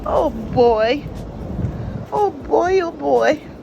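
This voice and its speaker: A woman's voice: high voice, expressive, extremely slow, gravelly, background noise. A young woman vlogger talking to her new puppy, coaxing and praising him in affectionate baby talk.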